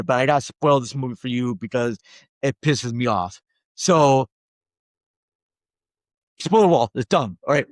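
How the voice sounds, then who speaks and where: A man's voice: fairly high pitch, no echo. A man from Minnesota giving a rambling, casual movie review, often checking in with "all right?" and getting worked up at times. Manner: rambling and conversational, keeps tagging lines with "all right?"; gets worked up and exasperated.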